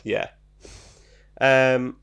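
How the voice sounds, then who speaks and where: A man's voice: mid-range voice, flat delivery, drawn-out words, a bit bright, clean tone. A man co-hosting a podcast, reading out trivia in a casual, joking way with plenty of ums. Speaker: podcast co-host. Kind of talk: casual chat.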